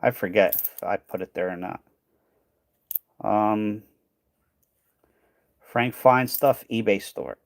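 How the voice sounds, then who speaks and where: A coin hunting channel host talks in a fairly low voice at a slow pace, pausing often, in a dry recording. While sorting coins on a casual livestream he thinks out loud and trails off, sounding tired and losing his voice.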